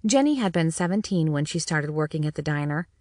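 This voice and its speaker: A woman reads a first-person audiobook with a wry, dryly humorous manner. Her voice sits a little low for a woman. The recording is dry and close, with no room sound. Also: expressive, brisk, a little mellow, no room sound. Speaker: audiobook narrator.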